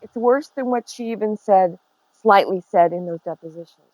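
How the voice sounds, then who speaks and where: Older woman guest, chatty storyteller, mid pitch, dry close sound. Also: normal speed, no room sound, highs cut off. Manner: gossipy, animated storyteller who laughs often. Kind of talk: casual chat. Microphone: remote call.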